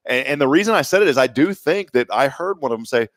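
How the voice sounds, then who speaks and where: A man's voice: medium pitch, fast talker, few pauses, dry recording, studio quality. A man hosting a morning talk show, chatting casually and telling rambling, joking stories in a Texan accent. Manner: rambling, joking, animated storyteller. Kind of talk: casual chat.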